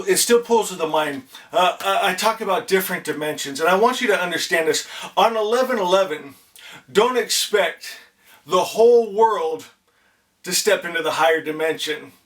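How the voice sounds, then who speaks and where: A man's voice: high voice, a bit bright. A man hosting a spiritual channel, speaking to his viewers in an effusive, heartfelt way, repeating "my friends" and often stammering and restarting. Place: indoors at home. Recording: voice a bit distant from the mic.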